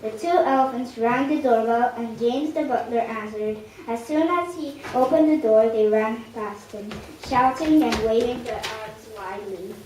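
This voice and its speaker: A woman narrating a children's story aloud in an expressive read-aloud manner. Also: fairly high pitch, moderate pace, few pauses. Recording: echoey room, distant mic, faint hiss.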